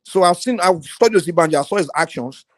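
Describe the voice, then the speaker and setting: Nigerian man, high and fast, fired-up political commentator, dry close sound. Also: no echo. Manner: animated, repetitive restarts, Nigerian Pidgin phrases. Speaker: panel participant.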